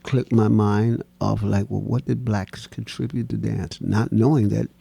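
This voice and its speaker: A man telling stories as an interview guest, animated and laughing, acting out the voices of people in his stories. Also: lowish voice, a little slow, vocal fry, slightly rough. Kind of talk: storytelling in a casual interview.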